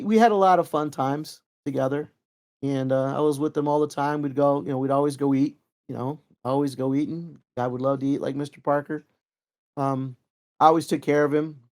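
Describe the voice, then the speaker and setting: A middle-aged man with a fairly high voice tells old stories in a loose, rambling way. He talks casually, with lots of fillers and restarts, and gets lively when he acts out what his old teacher said. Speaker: interview guest, Kempo practitioner. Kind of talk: casual storytelling.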